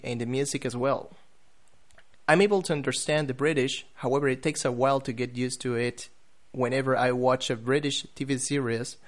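A man giving a podcast lesson on English pronunciation, saying example words slowly and with care. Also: mid-range voice. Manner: careful, deliberate, spelling out example words.

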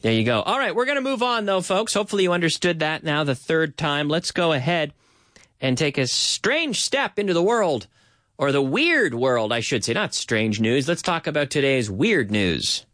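Lively radio host explaining phrases. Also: male voice, on the high side, moderate pace, dry recording, clean studio sound.

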